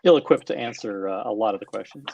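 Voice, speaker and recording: A man on a casual panel, giving his view in a measured, slow, hedging way with many fillers. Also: lowish voice, gravelly, darkish tone, slightly rough, no room sound. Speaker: panel guest.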